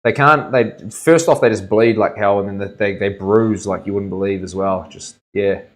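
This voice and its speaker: A young man talks in a rather low voice while he works as a tattoo artist. His chat is loose and rambling, full of "like", "bro" and "eh". He tells stories from his own work in an easy, offhand way. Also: steady tone, moderate pace. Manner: laid-back, rambling storyteller full of "like", "bro" and "eh". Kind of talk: casual chat.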